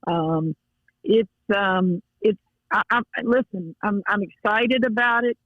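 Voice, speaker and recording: A woman's voice: mid-range voice, slow, no echo. A middle-aged woman with a Louisiana accent, a basketball coach speaking as a guest by phone, heartfelt and folksy. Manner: heartfelt, folksy, with many restarts. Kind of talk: emotional phone interview. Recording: dull, dry phone line.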